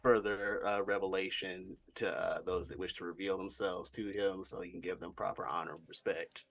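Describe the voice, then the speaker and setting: A man's voice: low voice, level tone, normal speed, creaky, fairly bright tone, faint music behind. A man playing a tabletop role-playing game online, narrating his character's actions hesitantly and laughing often. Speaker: player.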